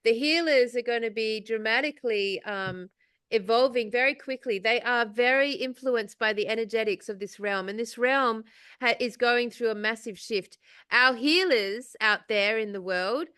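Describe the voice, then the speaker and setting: A middle-aged woman speaks in a smooth, clear voice pitched slightly high. The sound is dry and close. She chats casually on a video call, rambling through spiritual ideas with plenty of fillers and swearing freely. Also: normal speed, pushed and bright, no room sound. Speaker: podcast co-host.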